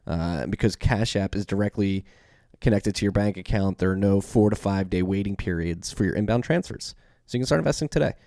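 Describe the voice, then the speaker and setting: This podcast host, a man with a Philadelphia accent, has a lowish, warm voice and moves briskly. He reads the intro and sponsor spots loosely and off the cuff, full of fillers and self-corrections. The sound is studio quality with no room sound.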